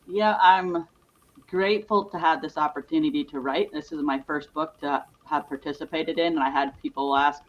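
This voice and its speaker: Low-voiced woman over dull lo-fi audio. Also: steady tone, moderate pace. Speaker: guest co-author. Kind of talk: interview conversation.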